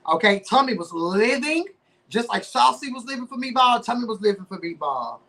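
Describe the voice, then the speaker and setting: A man hosting a podcast, recapping a reality show in casual slangy chat with lively swings in pitch and playful sound effects. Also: a little fast, gravelly. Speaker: podcast host.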